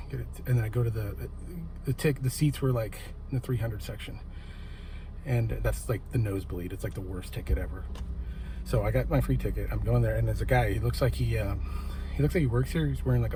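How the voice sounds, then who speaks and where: A man vlogging from his car, out of breath and excitedly rambling through a story with lots of fillers. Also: medium pitch, fairly quick. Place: parked car. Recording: noisy background.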